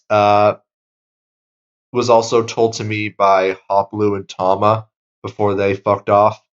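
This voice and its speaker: A laid-back man co-hosting a political commentary stream, speaking with plenty of fillers. His voice sits low and comes through a dull, lo-fi mic. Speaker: co-host.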